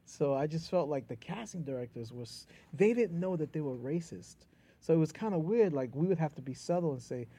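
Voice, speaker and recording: A man's voice: on the high side, lively intonation, fairly quick, mellow, breathy edge. A man with a New York accent, a comedian and playwright, chatting loosely and joking as a guest, laughing often. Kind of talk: casual conversation.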